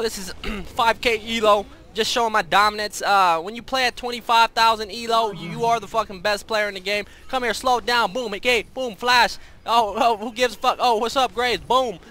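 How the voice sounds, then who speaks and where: A man's voice: sits high, bright, forceful tone. A young man giving brash, profane, boastful commentary over his own gameplay. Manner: brash, profane, trash-talking. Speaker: streamer. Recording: faint background noise.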